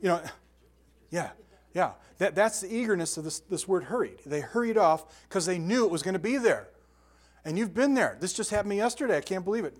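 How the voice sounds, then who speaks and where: An older man giving a sermon as pastor, telling lively stories with sound effects and asides. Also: high voice, brisk.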